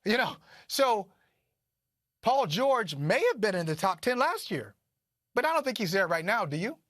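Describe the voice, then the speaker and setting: A middle-aged man co-hosting a sports debate show, his voice pitched high and his delivery animated. He hammers his points home by repeating phrases. The sound is dry and close. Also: normal speed, no echo. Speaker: co-host of a sports talk show.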